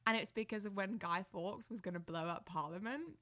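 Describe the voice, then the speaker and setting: Bright, giggly young English woman. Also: medium pitch, fairly quick. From England. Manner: chatty, giggly, animated storytelling. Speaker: guest. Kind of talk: casual chat. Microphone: podcast mic.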